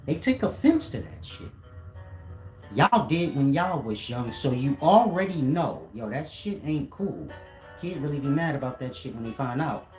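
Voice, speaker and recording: Man, casual rant, profane and confrontational, echoey room, soft guitar faintly behind. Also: mid-range voice, sing-song, moderate pace. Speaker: commentator. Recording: roomy echo.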